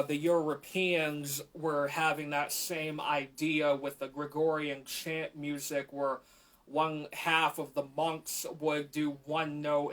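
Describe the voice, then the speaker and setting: A man who plays the flute, explaining his instruments to a live audience at a community library in an unhurried way with frequent fillers. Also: on the high side, fairly bright tone. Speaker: flute player. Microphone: camera mic in the room.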